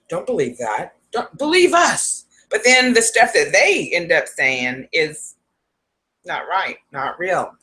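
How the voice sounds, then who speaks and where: A woman's voice: on the low side, sharp tone. A woman psychic advisor talking to her viewers in a casual, rambling vlog, laughing often.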